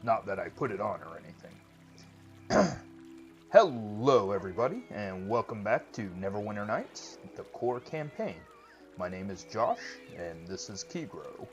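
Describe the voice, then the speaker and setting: A man's voice: lowish voice, sing-song, measured pace. A man hosting a let's-play, giving casual, chatty game commentary with joking asides. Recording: lo-fi with game music behind.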